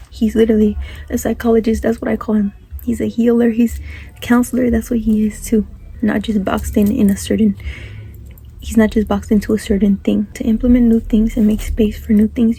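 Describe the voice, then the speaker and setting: A young woman speaking earnestly to camera about faith, soft-spoken and often slipping into a whisper, rambling and repeating herself. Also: fairly high pitch, level tone, brisk, vocal fry, breathy edge, low-quality recording. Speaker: Christian YouTuber.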